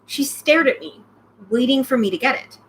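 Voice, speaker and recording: Young woman, high lively voice, reads a novel aloud and cuts in with eager asides; faint ambience under her. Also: moderate pace, slight background noise, poor audio. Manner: excited outbursts between read passages. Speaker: reader, channel host. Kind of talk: reading a novel aloud with commentary.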